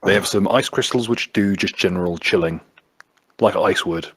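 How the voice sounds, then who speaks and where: A man's voice: low-pitched, normal speed, slightly rough, dry recording. A man narrating as game master of a tabletop game, with a dry, wry delivery.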